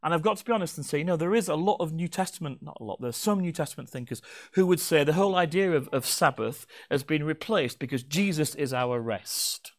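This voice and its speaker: A man's voice: a little high, a little fast, few pauses. A man preaching a sermon to his congregation, playful and teasing. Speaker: pastor. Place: church hall.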